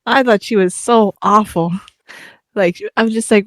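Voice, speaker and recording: A woman co-hosting a podcast in casual chat, animated and often laughing. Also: mid-range voice. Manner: animated, laughing, quick asides. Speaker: podcast co-host.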